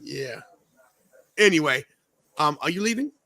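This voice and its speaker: A young man hosting a live wrestling watch-along podcast, talking casually and reacting excitably. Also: a little high, measured pace, vocal fry. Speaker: podcast host.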